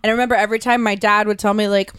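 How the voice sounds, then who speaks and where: A woman co-hosting a casual chat, talking in a quick, chatty way and often saying "like". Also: medium pitch, flat delivery, fairly bright tone, clean tone, dry recording. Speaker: podcast co-host.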